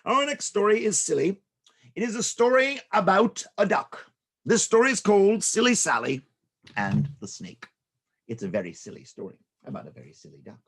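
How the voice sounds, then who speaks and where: A man's voice: sits high, very animated, normal speed, breathy edge. A man telling silly stories to children in a playful way, with sound effects and character voices. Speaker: children's storyteller. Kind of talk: storytelling for children.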